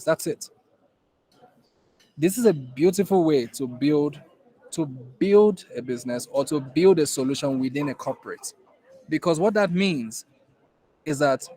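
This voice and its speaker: A man's voice: a little high, a little mellow, rough recording. Emphatic Nigerian man lecturing a class. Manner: emphatic, repeats key points for emphasis. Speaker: innovation program instructor.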